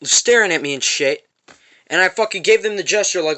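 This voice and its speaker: A man's voice: sits high, fairly quick, pushed and bright. A man telling an angry, profane story about a confrontation in a parking lot, repeating himself as he goes. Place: parked van.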